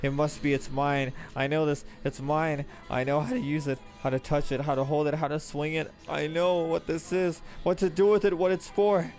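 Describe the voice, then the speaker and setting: A tormented young man who believes he is a monster, as a man reads him aloud. His voice sits high and strained, frantic and pleading, with soft music underneath. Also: level tone, moderate pace, few pauses, lightly acted. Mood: brooding. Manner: anguished, panicked, pleading.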